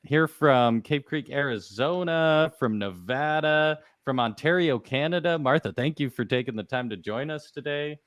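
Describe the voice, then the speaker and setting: A man's voice: mid-range voice, normal speed, hardly any pauses, fairly bright tone, no room sound. A man hosting a live online workshop, upbeat and chatty, greeting viewers and reading their comments aloud. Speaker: event host.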